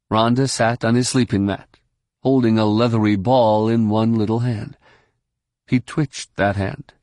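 A man reading a novel aloud in steady scripted narration. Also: lowish voice, dry recording, clean studio sound. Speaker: audiobook narrator.

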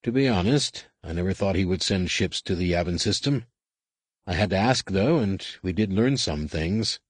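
Man voicing a quiet, weary Jedi master. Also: sits low, expressive, breathy edge, dry recording. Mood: grave. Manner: quiet and measured.

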